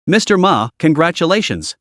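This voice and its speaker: A calm young investor in a story recap speaks with quiet self-assurance, voiced by a male narrator. His pitch sits a little high. The recording is dry and close. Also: moderate pace, no echo.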